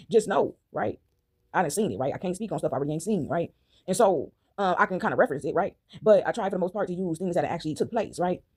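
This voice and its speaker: A woman's voice: expressive, fast, a little mellow, slightly rough. A woman speaking, rambling and ending nearly every phrase with a tag question. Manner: acts out quoted people in higher voices, sings snippets. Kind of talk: casual motivational monologue.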